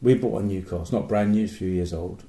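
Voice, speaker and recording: A man's voice: lowish voice, fast talker, warm tone, slight background noise. Joking man in an echoey room. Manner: jokey, rambling, puts on silly voices. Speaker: podcast co-host. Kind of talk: casual chat.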